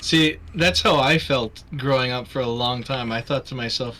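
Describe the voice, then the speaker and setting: A young Canadian man with a mostly Americanized accent and a bright, forward tone. He chats casually on a livestream, rambling through his thoughts with many fillers and restarts, and he sits at middling pitch for a man. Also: normal speed. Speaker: livestream host. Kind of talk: casual chat.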